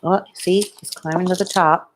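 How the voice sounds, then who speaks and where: A woman chatting casually on a live stream at home, showing her pet lizard and talking softly about it, into a plugged-in microphone. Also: lowish voice, fairly even intonation, moderate pace, a little hiss or hum. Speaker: vlogger.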